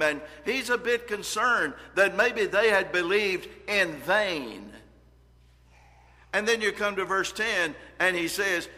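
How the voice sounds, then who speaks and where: A man's voice: high-pitched, sharp tone, in a large hall. A man preaching a sermon, reading scripture aloud with earnest emphasis and shifting volume.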